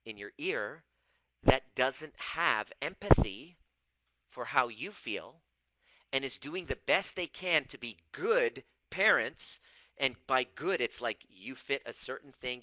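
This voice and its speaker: Man, coach, blunt, swears freely, acts out quotes, bright forceful voice, very dry sound. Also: medium pitch, dry recording, low-quality recording. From Persian background. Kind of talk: casual talk to camera.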